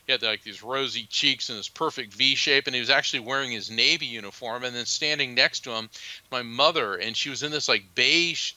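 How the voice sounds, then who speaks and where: Earnest, bright-voiced man telling a story. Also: mid-range voice, no room sound, low-quality recording. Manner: earnest, halting with many restarts and fillers. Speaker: psychic medium and author, interview guest. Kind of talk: conversational interview storytelling.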